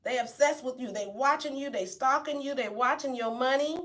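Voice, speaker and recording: A woman's voice: high-pitched, a little fast, a bit bright. A woman giving a casual tarot reading to camera, playful and brash, swearing and acting out reactions. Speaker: tarot reader.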